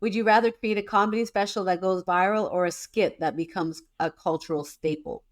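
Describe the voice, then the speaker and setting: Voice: medium pitch, fairly even intonation, brisk, no echo. Podcast host with a dry, close sound. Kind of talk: casual interview.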